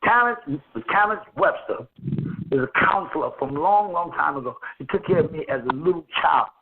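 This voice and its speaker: A man with a fairly high pitch and lively intonation speaks at a moderate pace while hosting a casual call-in chat from a friend's house. He tells profane, loose stories and laughs often, and the phone line sounds tinny with faint noise.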